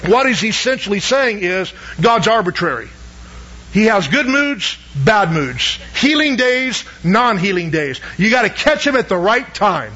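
A pastor from the Southern United States preaches a sermon, questioning the congregation and pressing each point with emphasis. His high-pitched voice is expressive, pushed and bright at normal speed, on lo-fi sound.

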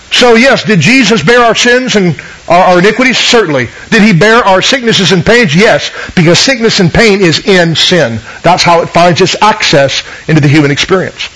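A man with a high voice preaches a sermon, earnestly teaching and reading scripture aloud. He keeps turning to his listeners with questions. The recording has a radio broadcast sound. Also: a bit bright, low-quality recording.

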